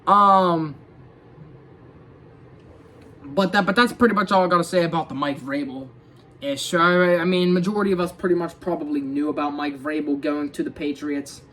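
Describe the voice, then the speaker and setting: His voice is a little high, pushed and bright, with fairly even intonation at normal speed, and there's slight background noise. The young man vlogs casual football talk, sounding tired and yawning, rambling through restarts and fillers such as "dude" and "bro."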